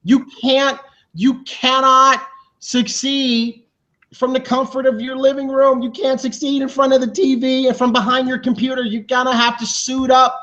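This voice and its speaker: A man hosting a team video show announces awards with high energy, speaking fast and restarting his sentences. The recording has a dull, lo-fi sound.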